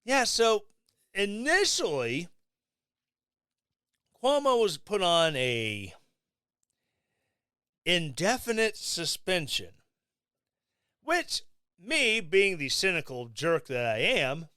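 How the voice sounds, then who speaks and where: A man hosting his own podcast, giving sarcastic, mocking political commentary in a casual, animated way. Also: high-pitched, takes it slowly, long pauses, clean tone, no echo, clean studio sound. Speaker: podcast host.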